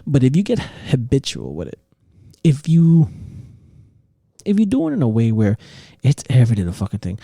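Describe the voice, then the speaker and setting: Gravelly, heated man ranting profanely. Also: mid-range voice, wildly swooping pitch, fairly quick, pauses often, mellow, no room sound, studio quality. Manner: profane, heated ranting with mocking quoted voices. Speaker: podcast host. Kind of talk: casual opinion rant.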